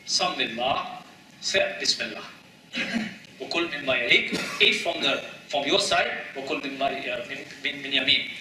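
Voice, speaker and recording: A man's voice: a little high, pushed and bright, recorded from a distance, slight background noise. Emphatic man preaching in an echoey mosque hall. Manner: emphatic, rhetorical questions, repeats phrases, mixes in Arabic and Urdu terms. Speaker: imam giving a mosque talk. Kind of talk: sermon.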